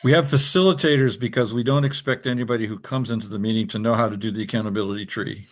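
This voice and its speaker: A man's voice: lowish voice, steady tone, fast talker. A man cohosting a podcast, explaining things thoughtfully for newcomers as he shares his own experience. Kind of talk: reflective podcast talk.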